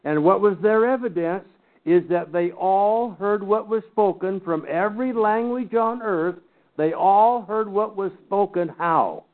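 Bible teacher, man, higher-pitched, folksy teasing lecture, tinny phone-like sound. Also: a little slow. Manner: folksy, teasing asides to the class. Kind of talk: lecture to a class.

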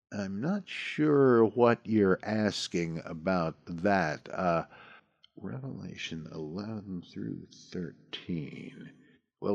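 Low-voiced man musing aloud, dry recording. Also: no echo. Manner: halting, thinking aloud with many fillers. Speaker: podcast host answering listener questions. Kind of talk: casual talk, reading scripture and listener mail.

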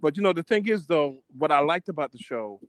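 A man's voice: fairly high pitch, animated, a little fast, no room sound. A man co-hosting a casual panel chat, blunt and opinionated, speaking with animation. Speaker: podcast co-host.

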